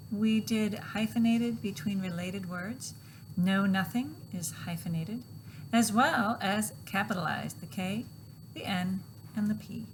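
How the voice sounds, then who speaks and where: A woman teacher with a medium-pitched voice patiently guides students through a grammar worksheet, reading the examples aloud slowly. Background noise can be heard.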